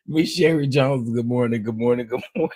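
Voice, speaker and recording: Husky-voiced man greeting livestream viewers. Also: mid-range voice, dry recording. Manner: animated, greets viewers one by one, playful. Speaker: livestream host. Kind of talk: casual livestream chat.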